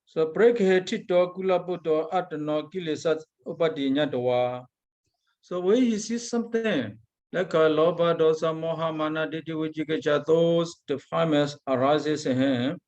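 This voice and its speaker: Burmese monk teacher, slightly high voice. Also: male voice, darkish tone, lo-fi sound. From Myanmar. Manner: halting, searches for English words, chants Pali passages then explains. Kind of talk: Abhidhamma lecture.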